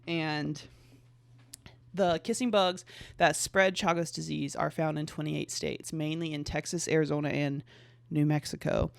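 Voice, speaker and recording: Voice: mid-range voice, steady tone, unhurried, vocal fry, no echo. A young adult podcast host in casual chat, reading passages aloud, often stumbling and restarting and dropping in a lot of "like.".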